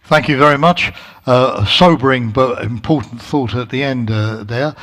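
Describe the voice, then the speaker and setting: A man moderating a conference panel, summing up with many pauses and fillers. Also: mid-range voice, fairly bright tone. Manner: halting, filler-heavy wrap-up.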